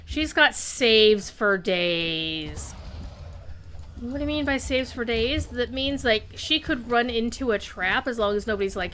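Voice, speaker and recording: A woman's voice: a little high, a bit bright, a little hiss or hum. A woman streaming a game live, chatting loosely with viewers and rambling between tasks. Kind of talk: casual live-stream chat while gaming.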